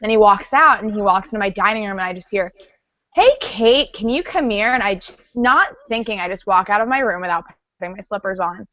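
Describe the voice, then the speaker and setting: A woman's voice: medium pitch, fast, few pauses, bright, forceful tone, dry recording. A woman co-hosting a casual chat, blunt and profane with dry humor. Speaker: panel co-host. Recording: dry dull lo-fi stream audio.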